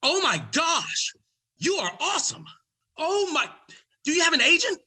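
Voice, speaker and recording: Ask: Give me a squealing, starstruck talent agent, as a man puts him on, bright and loud. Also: wildly swooping pitch, unhurried, heavily acted. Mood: excited. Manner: breathless, eager, high-pitched. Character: gushing excited male talent agent.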